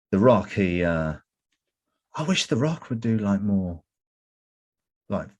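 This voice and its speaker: A middle-aged man with an English accent and a low, deep voice talks through his work in a relaxed interview. He is candid and tells stories, and he often slips into voicing other people as he goes. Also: husky. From England. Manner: candid, anecdotal, animated when quoting others. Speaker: actor guest. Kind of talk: interview conversation.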